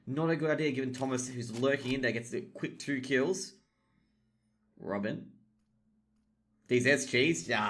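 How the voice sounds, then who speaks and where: A male esports caster runs play-by-play on a shooter match, rattling off buys and positions in quick call-outs. His voice sits at an ordinary middle pitch. He jumps up in pitch and volume whenever a player gets a kill. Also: fairly bright tone, slight background noise. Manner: rapid call-outs that lift sharply on kills. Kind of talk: play-by-play game commentary.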